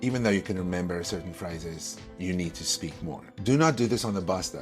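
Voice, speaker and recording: A man's voice: low voice, animated, a little fast, hardly any pauses, over music. A man giving a casual video lesson as an English speaking-test tutor, stressing key words and repeating them.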